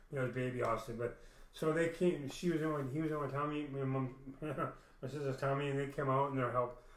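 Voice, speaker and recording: Rambling, foul-mouthed man in a roomy space. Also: medium pitch. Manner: rambling, swears freely, many restarts and fillers. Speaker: storyteller. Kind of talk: casual personal storytelling. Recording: roomy echo.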